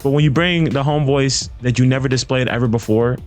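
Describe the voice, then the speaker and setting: A man rattling off casual reaction commentary at a brisk clip. His talk is loose and chatty, full of fillers and restarts, with faint music running underneath. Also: medium pitch, steady tone. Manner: quick, loose, conversational with many fillers.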